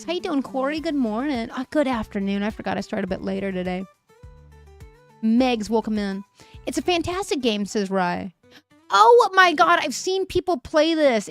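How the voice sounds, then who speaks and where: A young woman hosting a live stream, chatting casually and reading viewer messages aloud with frequent laughs, her voice a little worn. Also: on the high side. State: voice a bit fried. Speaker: livestream host. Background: faint music.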